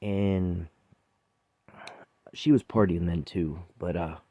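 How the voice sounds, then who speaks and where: Chef, male, very low voice, blunt swearing storyteller, rambling delivery, dry sound. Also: steady tone, takes it slowly, dry recording, highs cut off. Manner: blunt, profane, rambling with laughs. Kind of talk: personal storytelling monologue.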